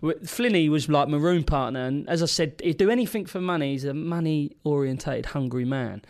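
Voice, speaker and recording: A man's voice: a little high, moderate pace, noisy background. A man, a former footballer co-hosting a podcast, who tells stories with lots of energy and acts out his old teammates. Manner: animated storyteller acting out teammates' voices. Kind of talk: casual storytelling chat.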